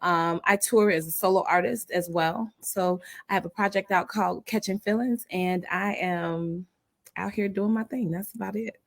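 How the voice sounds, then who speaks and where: A woman from Chicago, a singer-songwriter guest on a radio show, talking in a friendly, relaxed way with many ums. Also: medium pitch, moderate pace, gravelly, no echo. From South Side of Chicago. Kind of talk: casual interview.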